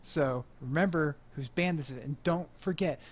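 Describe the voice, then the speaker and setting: A man's voice: a little high, normal speed, husky. A man doing a bossy, nervous jazz bandleader. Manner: blustering, then sheepish.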